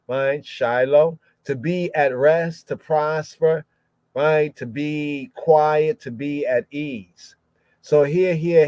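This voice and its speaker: A man's voice: fairly high pitch, darkish tone, no echo. A man teaching scripture on a podcast, sounding out Hebrew words one at a time and repeating them as he explains. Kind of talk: Bible study podcast. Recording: dull dry lo-fi sound.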